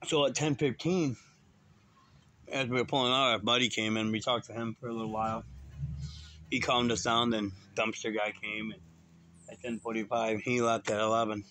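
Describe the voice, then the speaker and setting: A man talking casually to his viewers, drifting from one thought to the next. His voice sits at an ordinary middle pitch, and he speaks in a loose, rambling way. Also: level tone, moderate pace, pushed and bright, slight background noise. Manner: rambling, talks straight to viewers. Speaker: vlogger.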